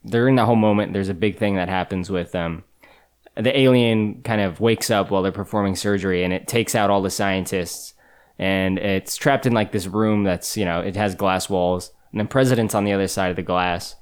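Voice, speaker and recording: Smooth, low-voiced male host; relaxed, wry podcast banter. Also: normal speed. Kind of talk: casual movie podcast chat.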